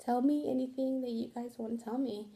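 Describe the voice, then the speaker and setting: Young female vlogger, loose rambling chat, slightly high, mellow tone. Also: fairly even intonation, a little fast. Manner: rambling, candid, swears casually, frequent fillers. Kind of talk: casual rambling vlog.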